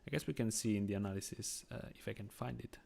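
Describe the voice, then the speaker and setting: On a live stream, a man from Switzerland talks with viewers and reasons through a chess game in English, a language he is not native in, with a Swiss accent. His voice sits on the low side, gravelly and dark, and he talks quickly.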